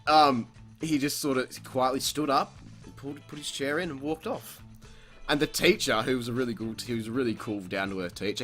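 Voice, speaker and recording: A young man tells a school story on a podcast, swearing freely and laughing often. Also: medium pitch. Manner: profane, animated, laughs often. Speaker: podcast host. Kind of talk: casual storytelling.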